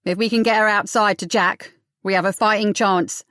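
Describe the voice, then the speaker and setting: A daring young woman talks with breezy, cheeky confidence, as a woman narrator puts her on. She sounds bold and quick to take charge. The audiobook recording is dry and close. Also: mid-range voice, fairly even intonation, a bit bright, no room sound, close to an everyday voice.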